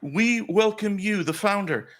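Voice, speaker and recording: A man voicing an overeager female drow priestess who stammers through an excited welcome. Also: sits high, a little slow, pitched above the performer's own voice. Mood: ceremonious.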